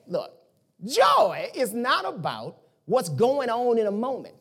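Man, preacher, sermon, high voice, animated delivery, colloquial, bursts of shouting. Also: a little fast.

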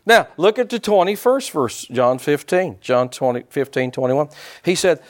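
An older man preaching a sermon, animated and calling out to his congregation. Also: a little high, moderate pace. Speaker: pastor.

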